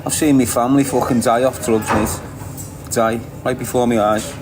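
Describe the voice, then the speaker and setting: A man's voice: mid-range voice, fairly even intonation, normal speed, noisy background. A man with a Liverpool accent hosting a livestream, chatting casually and bluntly with viewers, swearing often and laughing a lot. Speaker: livestream host. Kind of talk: casual livestream chat reading viewer comments.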